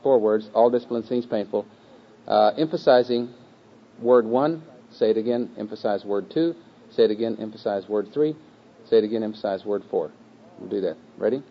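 A man teaching a group to memorize a scripture verse, speaking patiently with fillers and repeating phrases slowly. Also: on the low side, gravelly. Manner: patient, repetitive, slow chanting of phrases with a group. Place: room with a live group. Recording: dull lo-fi recording.

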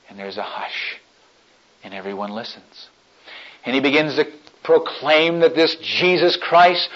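A male preacher telling a story in a sermon, swinging between hushed and loud delivery. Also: on the high side, animated, unhurried. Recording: dull lo-fi recording.

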